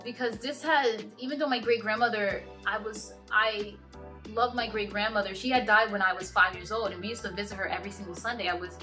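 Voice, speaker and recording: A woman in her twenties telling a personal story to camera in a halting, earnest way, often stopping and restarting her sentences. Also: medium pitch, fairly even intonation, pushed and bright, faint music behind. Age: 20s. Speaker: vlogger.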